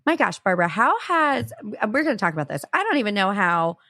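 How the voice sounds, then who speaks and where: A woman hosting a podcast, introducing her guest with excitable, gushing chat and calling her listeners y'all. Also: medium pitch, a little fast, no room sound. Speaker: podcast host. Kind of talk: casual chat.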